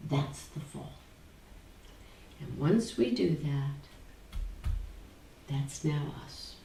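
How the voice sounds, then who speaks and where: Woman teacher, low and unhurried, soft near-whispers, roomy far-off mic, faint hiss. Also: animated, gravelly. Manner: slow, deliberate, drops to near-whispers on key words. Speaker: spiritual teacher. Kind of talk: spoken talk to a small group. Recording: roomy, distant from the mic, faint background noise.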